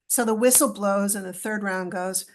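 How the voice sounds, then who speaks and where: A middle-aged woman, a podcast guest, telling a personal story with lively acted-out dialogue. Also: mid-range voice, normal speed. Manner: animated storyteller, acts out dialogue.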